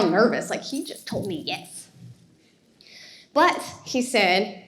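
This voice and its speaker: A woman, giving a motivational talk and telling her story in an animated way with laughter. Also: mid-range voice, a little slow, a little hiss or hum. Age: 30s. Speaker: speaker.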